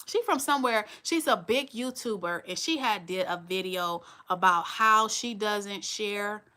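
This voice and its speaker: Woman in her 40s on a livestream, bright forceful voice, blunt and candid, talking right to the viewers. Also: mid-range voice, a little slow. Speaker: channel host. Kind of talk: live-stream chat.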